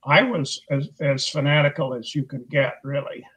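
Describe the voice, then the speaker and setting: A man's voice: mid-range voice, fairly even intonation, moderate pace, crowd noise. A man appearing as a guest on a video-call interview, talking in an earnest, reflective way. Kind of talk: casual interview chat. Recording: dull lo-fi video call audio.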